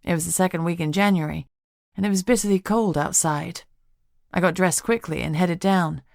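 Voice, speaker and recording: Woman narrator, low pitch, wry first-person storytelling, dry close studio sound. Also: fairly even intonation, normal speed, vocal fry, no echo. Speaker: audiobook narrator.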